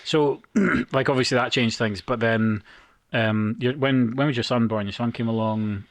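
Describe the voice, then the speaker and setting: A man's voice: mid-range voice, moderate pace, no room sound. Podcast host man, dry close sound. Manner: brief encouraging interjections. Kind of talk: casual podcast interview.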